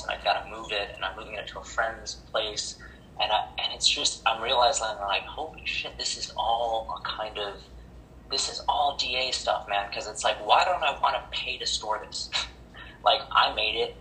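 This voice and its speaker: Low-voiced man rambling on a video call. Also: fairly even intonation, normal speed, roomy sound, slight background noise, low-quality recording. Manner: rambling, warm toward others, stumbles and restarts. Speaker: recovery meeting member sharing. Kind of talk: casual personal share at a support meeting.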